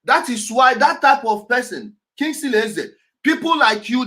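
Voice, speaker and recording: Extremely high in pitch, expressive and sharp-toned, this man's voice moves a little slowly. He hosts a show, offering animated commentary over clips with emphatic delivery, repeated key words and frequent laughter.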